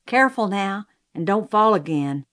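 A woman voicing a protective older brother boy who gives calm, practical instructions in a storybook reading. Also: mid-range voice, moderate pace, natural voice. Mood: steady.

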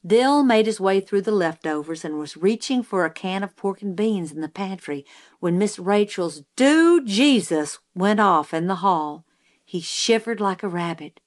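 Measured and story-focused, the woman reads the novel aloud as an audiobook narrator at a medium pitch.

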